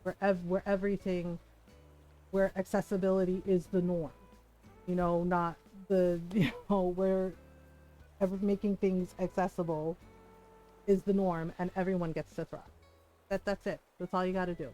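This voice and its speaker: A woman streamer chatting casually while she plays a life-sim game, giggly and quick with jokey asides. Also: on the low side, flat delivery, warm tone, soft background music. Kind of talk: casual gameplay commentary.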